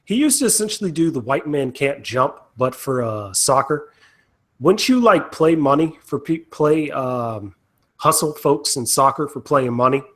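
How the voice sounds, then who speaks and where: A man's voice: mid-range voice, lively intonation, a little slow, fairly bright tone. Guy hosting a sports podcast, bouncy up-and-down voice, teasing, hunts for names. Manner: teasing, asks questions, gropes for names. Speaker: podcast host. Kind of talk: casual sports chat.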